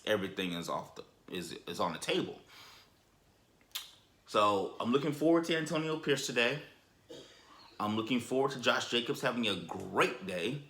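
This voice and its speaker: Male sports fan vlogger, emphatic casual rant, bright forceful tone. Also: medium pitch. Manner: animated and emphatic, repeats and restarts words.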